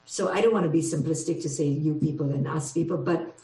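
A woman from India, a parent, talking in a casual conversation with an animated manner and frequent laughs. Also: low-pitched, a little fast. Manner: animated, mimics others' voices, laughs often. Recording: echoey room, distant mic.

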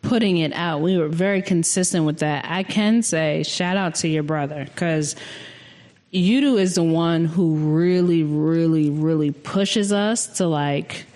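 A woman co-hosting a podcast in casual chat, speaking in a slow, relaxed, drawn-out way. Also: sits low. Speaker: podcast co-host.

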